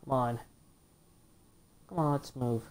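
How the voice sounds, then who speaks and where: A man's voice: medium pitch, fairly even intonation, takes it slowly. A man commentating a zombie game as he plays, easily frustrated, swearing and talking back at the game. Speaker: gameplay commentator. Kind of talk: let's play commentary. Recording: loud game noise behind.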